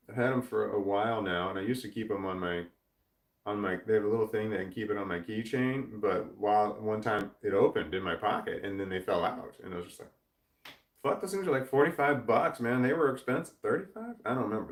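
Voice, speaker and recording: A man hosting a casual livestream, reading chat aloud, rambling, swearing often and laughing a lot. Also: fairly low pitch. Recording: roomy echo.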